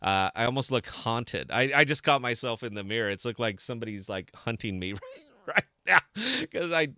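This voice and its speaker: A man's voice: mid-range voice, fairly quick, sharp tone, clear, resonant tone, no room sound. A man hosting a live podcast stream and talking to camera in a rambling, distracted way with many restarts. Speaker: podcast host.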